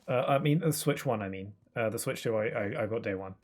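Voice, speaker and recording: A man's voice: fairly low pitch, brisk. A young man in his twenties chatting casually while streaming a game, rambling with lots of fillers and restarts. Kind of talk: casual live-stream gaming chat.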